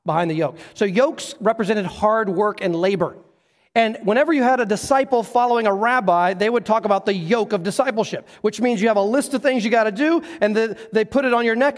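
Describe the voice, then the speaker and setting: A man preaching a sermon as pastor, earnest and emphatic, often restarting his words. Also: high voice. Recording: reverberant hall.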